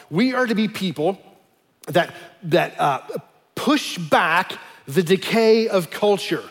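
A man with a fairly high voice preaches a sermon in a relaxed, conversational way. He slows down and leans hard on the words he wants to stress. His voice carries a long reverb, as if in a large hall. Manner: conversational teaching with emphatic slowed stresses. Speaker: pastor.

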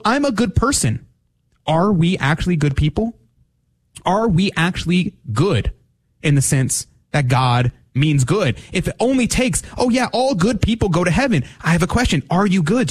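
Earnest preaching male radio host. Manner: earnest, preaching, rises in pitch for emphasis. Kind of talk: radio gospel commentary.

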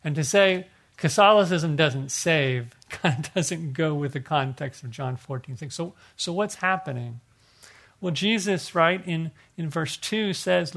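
A man's voice: fairly high pitch, measured pace, creaky, a bit bright. A middle-aged male pastor preaching a sermon in an earnest, conversational way, often restarting his phrases.

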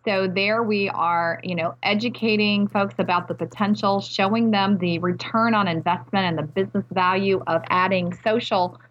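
A woman's voice: medium pitch, fairly even intonation, moderate pace, hardly any pauses, highs cut off, a little hiss or hum. Upbeat woman executive on a call. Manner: upbeat, fluent corporate speaker. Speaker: technology executive guest. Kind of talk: podcast interview.

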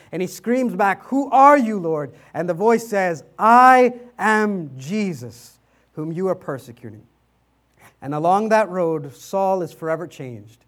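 High-voiced man preaching a sermon. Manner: rhetorical, repeats points with "right?"; dramatic reading of scripture and quotes. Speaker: pastor.

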